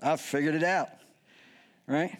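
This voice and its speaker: A man's voice: on the high side, measured pace. A middle-aged man preaching a sermon as a pastor, joking and acting out voices as he goes. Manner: lively, joking, acts out quoted voices.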